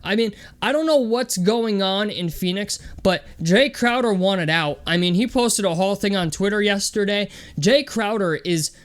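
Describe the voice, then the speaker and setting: High-voiced chatty young man vlogging. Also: normal speed, hardly any pauses. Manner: chatty, loose and conversational with many fillers. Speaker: sports vlog host. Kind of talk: casual vlog commentary.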